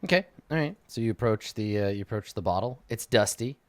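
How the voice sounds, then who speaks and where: A man's voice: lowish voice, animated, fairly quick, no echo. A man narrating as game master, describing scenes loosely with lots of fillers.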